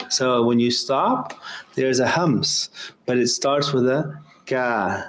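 A man teaching pronunciation patiently, repeating each sound over and over and slowing down to chant the examples. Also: medium pitch. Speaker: Quran recitation teacher. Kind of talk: pronunciation lesson.

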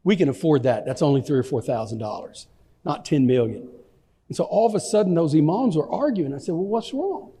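A man from Texas, a pastor telling an animated, self-deprecating story with stammering restarts. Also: fairly high pitch, fairly quick, breathy edge, long reverb tail. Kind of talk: anecdotal storytelling in an interview.

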